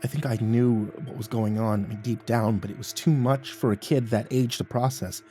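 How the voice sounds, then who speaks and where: A male horror storyteller in the first person, with an ordinary mid-range voice. He reads in a measured, hushed way, often dropping softer on the tense moments. A faint music bed sits behind him. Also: mid-range voice, steady tone.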